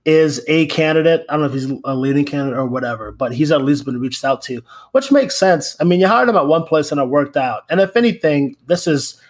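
A man with a somewhat high voice talks casually about college football coaching. He rambles and restarts his sentences as he thinks aloud. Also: lively intonation, fairly quick, few pauses. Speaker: podcast co-host. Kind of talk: casual sports chat.

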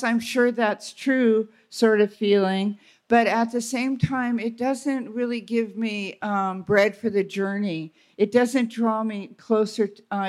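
Woman on a retreat stage, bit high voice, candid self-deprecating storytelling, lots of restarts. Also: darkish tone. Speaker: retreat speaker. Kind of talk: live onstage storytelling. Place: stage at a live retreat before an audience.

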